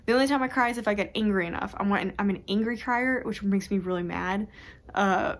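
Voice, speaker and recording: Young woman book vlogger talking at home, chatty, keeps cutting herself off. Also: mid-range voice. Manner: chatty, rambling, self-interrupting. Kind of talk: casual chat.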